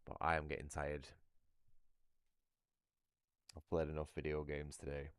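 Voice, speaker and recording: Deep-voiced British man ranting. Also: monotone, a little slow, clear, resonant tone, no echo, studio quality. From United Kingdom. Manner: profane, ranting. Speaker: livestreamer. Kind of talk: casual livestream chat.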